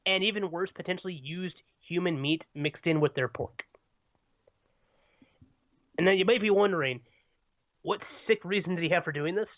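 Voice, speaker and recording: Rambling podcast host on a tinny line. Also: male voice, high-pitched, normal speed, long pauses, dry recording. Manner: rambling, self-interrupting, chuckling. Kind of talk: casual chat. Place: home. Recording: tinny phone-like dry sound.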